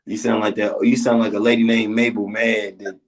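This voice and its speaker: A man who is a comedian, telling stories in a casual interview, loose and relaxed with repeated words. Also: on the low side, brisk, poor audio. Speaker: comedian guest.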